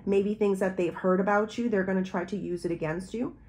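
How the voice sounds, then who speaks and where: A woman's voice: mid-range voice, steady tone, fairly quick, darkish tone, a little hiss or hum. Woman tarot reader, loose intuitive monologue addressed to the viewer.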